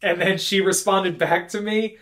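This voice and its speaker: A man's voice: high-pitched, steady tone, unhurried, a bit bright. A young man co-hosting a podcast, talking loosely and laughing, peppering his speech with "dude" and "like". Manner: rambling, laughing, says "dude" and "like" a lot. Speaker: podcast co-host. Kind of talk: casual chat.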